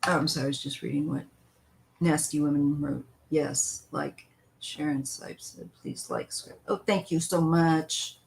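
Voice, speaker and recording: Slow, low-voiced woman reading tarot live. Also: fairly even intonation, creaky, a little mellow, rough recording. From western United States. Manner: chatty, meandering, greets viewers by name. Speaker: tarot reader hosting a live stream. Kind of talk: casual live-stream chat and tarot reading.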